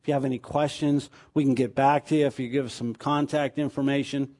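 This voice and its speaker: A man leading a small church group, giving announcements and talking things over in a halting way, with lots of fillers and restarts. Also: mid-range voice, flat delivery, a little mellow. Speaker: pastor.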